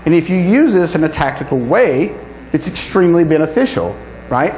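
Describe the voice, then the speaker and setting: A man with a fairly high, lively voice gives a talk to a room full of people. He keeps checking in with "right?". The sound is echoey with a faint hum. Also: a little fast. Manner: animated, asks "right?" often. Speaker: conference speaker. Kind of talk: live talk to an audience. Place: conference room with audience.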